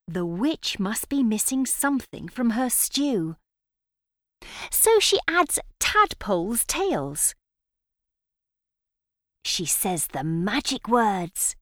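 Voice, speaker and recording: A woman narrating a children's story in a slow, expressive, sing-song manner. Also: a little high, dry recording, studio quality.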